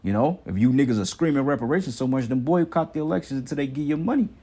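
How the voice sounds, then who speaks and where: A man's voice: mid-range voice, lively intonation, quick pace, mellow. A man delivering an angry, profane preaching rant, repeating himself and tagging lines with "man". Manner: heated, repetitive, swearing, ends lines with "man".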